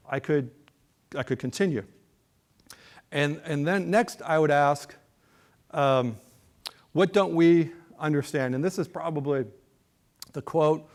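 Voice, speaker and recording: A middle-aged man giving a conference talk and a TV interview as a guest speaker, conversational, with many fillers and rhetorical check-ins. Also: mid-range voice. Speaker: guest speaker, polling director.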